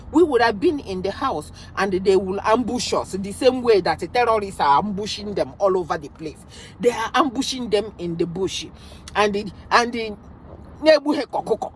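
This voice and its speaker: A middle-aged Nigerian woman with a Nigerian accent, ranting emphatically in a commentary vlog with loud outbursts. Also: medium pitch, a little hiss or hum. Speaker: vlogger commenting on news.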